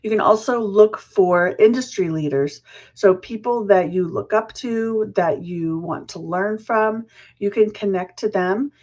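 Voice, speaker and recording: A woman hosting a casual business chat show, chatty and friendly, her voice a little rough from the early morning. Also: mid-range voice, measured pace, a little mellow, dull audio. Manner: chatty, laughs at own slips. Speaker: podcast host.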